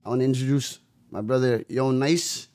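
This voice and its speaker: A man hosting a podcast, chatting in a relaxed, playful way. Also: mid-range voice, moderate pace, dry recording. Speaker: podcast host. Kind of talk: casual podcast chat.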